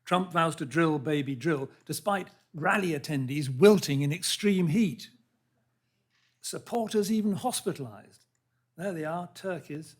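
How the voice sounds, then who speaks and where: A man speaks to an audience at a public lecture, with a husky, slightly breathy voice pitched a little above the usual for a man. He is earnest and halting, breaks off mid-word and starts again, and reads out quotations. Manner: earnest, halting, with restarts and read-out quotes. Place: lecture hall.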